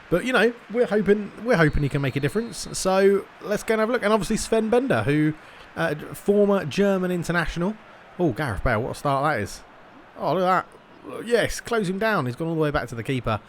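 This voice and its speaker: A man's voice: high-pitched, animated, a little fast, few pauses, a little hiss or hum. Chatty man commentating gameplay. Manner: chatty, thinks aloud, slips into mock match commentary. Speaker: gaming YouTuber.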